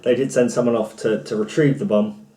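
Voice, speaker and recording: A man's voice: medium pitch, steady tone, fairly quick, warm tone. A man chatting casually at home as a vlogger, rambling with many restarts while recapping a role-play event. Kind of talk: casual chat. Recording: roomy, from far off the mic.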